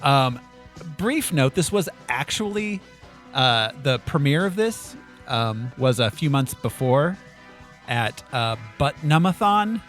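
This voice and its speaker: A man's voice: mid-range voice, lively intonation, slow, a bit bright, faint music behind. A man hosting a casual podcast chat, laughing often as he runs the segments. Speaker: podcast host.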